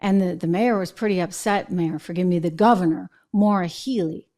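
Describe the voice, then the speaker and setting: A woman's voice: fairly low pitch, brisk, dark tone. A woman from New Hampshire hosting a political commentary show, indignant and full of rhetorical questions. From New Hampshire, USA.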